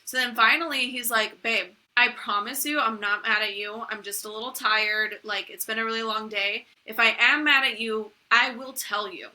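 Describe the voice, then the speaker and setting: A woman's voice: fairly high pitch, steady tone, normal speed, few pauses, sharp tone. A young woman co-hosting a podcast, telling stories in casual chat and acting out what people said. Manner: chatty, storytelling, acts out quotes. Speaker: podcast co-host.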